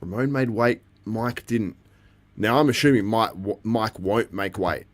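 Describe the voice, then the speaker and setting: Lowish-voiced man, casual livestream host, talks to the chat, laughs easily. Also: measured pace. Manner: chatty, reacting to the live feed and chat, laughs often. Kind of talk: casual live commentary.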